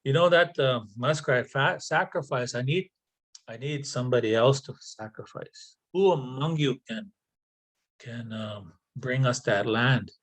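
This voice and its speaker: A man's voice: medium pitch, unhurried, a bit bright. A man voicing an earnest heroic spirit leader. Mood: pleading.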